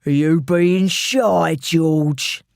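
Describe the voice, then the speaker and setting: A woman voicing a menacing male gangster with a London accent, taunting in a slow, mocking drawl. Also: deep voice, steady tone, creaky, darkish tone, no echo, studio quality, full character voice.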